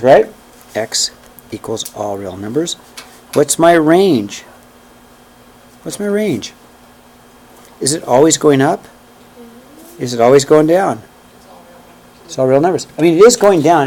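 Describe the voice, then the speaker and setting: This classroom math lecture comes from a man with a medium-pitched, darkish, slightly rough voice, lively in intonation and a bit fast. He narrates each step and counts them out while working, checking in with "okay?" and "right?".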